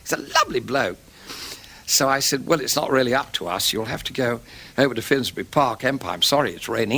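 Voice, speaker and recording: An older man telling an animated anecdote and acting out other people's voices as an interviewee. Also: mid-range voice, creaky.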